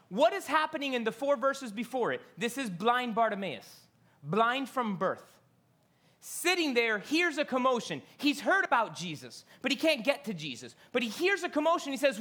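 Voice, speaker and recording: Lively, bright-voiced preacher. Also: mid-range voice, moderate pace. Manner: animated storytelling with rhetorical questions and casual slang. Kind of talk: sermon. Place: on a stage.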